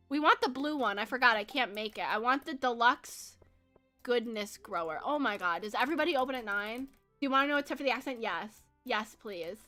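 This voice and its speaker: Young woman gaming streamer, bright and a bit high-pitched, giggly and chatty. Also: expressive, moderate pace, soft background music. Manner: chatty, giggly, lots of fillers. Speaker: game streamer. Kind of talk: casual chat while gaming.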